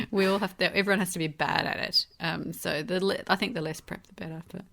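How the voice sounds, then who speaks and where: A woman's voice: lowish voice, steady tone, creaky, a bit bright. A woman co-hosting a podcast, casually sharing family anecdotes and laughing often. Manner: laughing, anecdotal, quick asides. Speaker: podcast co-host. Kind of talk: casual chat.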